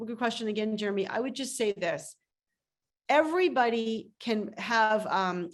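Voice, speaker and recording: A woman coach speaking emphatically as a guest on a video call interview, telling stories with lots of energy. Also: fairly high pitch. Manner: animated, emphatic storytelling. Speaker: startup coach.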